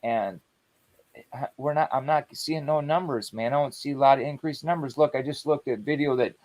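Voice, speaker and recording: A man chatting on a livestream, telling animated stories in a loose, slangy way. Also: mid-range voice, normal speed. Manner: animated storytelling, conversational slang. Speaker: guest on a livestream. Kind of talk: casual chat.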